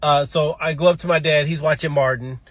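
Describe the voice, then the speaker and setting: A man's voice: on the high side, fairly even intonation, brisk, fairly bright tone, no room sound. A man doing stand-up comedy, telling a story from his childhood, stammering and repeating words and laughing at his own tale.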